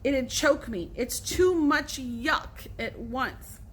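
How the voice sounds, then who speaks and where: A woman voicing a suspicious, stubborn young boy who yells excitedly in a storybook reading. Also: high-pitched, takes it slowly, slight background noise. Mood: reluctant. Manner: excited yelling.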